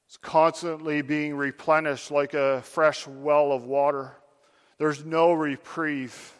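A man's voice: a little high, flat delivery, takes it slowly, clean tone, in a large hall. A man preaching a sermon, addressing his listeners directly with earnest, building emphasis.

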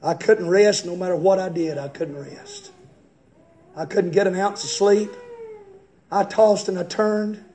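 A man's voice: high-pitched, measured pace, pauses often, mellow. A man preaching, voicing a stubborn, resentful father muttering grudges.

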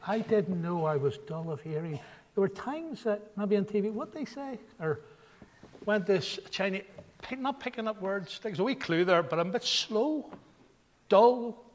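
High-voiced older man preaching in a reverberant hall. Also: lively intonation, moderate pace, slight background noise. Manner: conversational storytelling, then rising to emphatic. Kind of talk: sermon.

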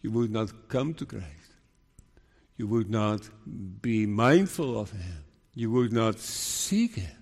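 A man delivers a sermon at an unhurried, deliberate pace, with earnest emphasis. He sometimes slips into the anxious voice of a doubting believer. His voice rings with the long reverb of a large hall. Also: lowish voice, animated. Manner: slow, earnest, acts out worried believers' voices. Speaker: preacher.

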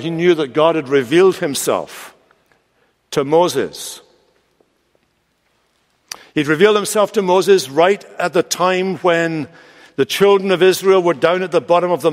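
A male pastor preaching a sermon with expressive delivery, slowing down and lifting his voice for quoted lines. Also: on the high side. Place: large church sanctuary. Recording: long church reverb.

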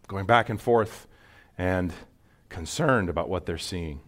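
A man's voice: deep voice, measured pace. A man preaching a sermon in an earnest teaching manner, rising sharply on emphatic points. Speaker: pastor.

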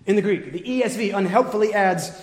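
A man preaching an expository sermon with emphatic points that swing from forceful to quiet. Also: high voice, fast talker. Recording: echoey hall with long reverb.

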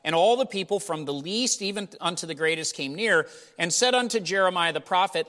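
A man preaching a sermon as pastor, retelling a scripture story with animated voicing of the people in it. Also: high-pitched, a little fast, few pauses. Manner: animated, rising loud when voicing the people. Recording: hall reverb.

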